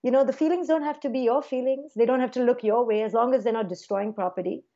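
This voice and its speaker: Woman, interview guest, animated, warm mellow tone, slightly dull lo-fi audio. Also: on the high side, fast. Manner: animated, acts out parent and child voices in quotes. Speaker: clinical psychologist guest. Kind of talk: conversational interview.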